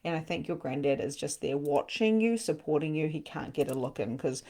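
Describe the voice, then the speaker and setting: A woman's voice: low voice, a little fast. Chatty laughing woman medium. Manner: chatty, laughs often, sudden excited bursts. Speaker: medium hosting a live spiritual session. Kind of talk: casual live-stream channeling.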